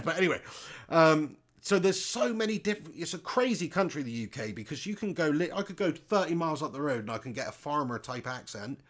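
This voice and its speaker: A man's voice: mid-range voice, a bit bright. A man hosting a live football watch-along, chatting casually, reading viewers' comments aloud, joking and laughing often. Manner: jokey banter, laughs often, reads chat aloud. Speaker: live stream host.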